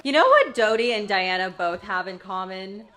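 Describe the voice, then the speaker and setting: A woman's voice: mid-range voice, expressive, moderate pace, a bit bright, slight background noise. A woman casually reacting to a TV episode, chatty and emotional, with lots of filler words. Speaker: TV show reaction host.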